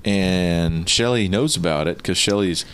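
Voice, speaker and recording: A man's voice: sits low, measured pace, fairly bright tone, smooth. A man co-hosting a casual chat and cutting in with wry, sarcastic asides. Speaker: podcast co-host. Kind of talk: casual chat recapping a reality show.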